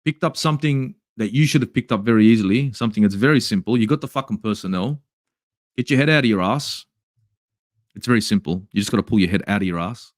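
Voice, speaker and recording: With a voice on the low side, an Australian football channel host tears into a match review, angry, exasperated and swearing freely. He's at home in Sydney at night, and the studio-quality recording has no room sound.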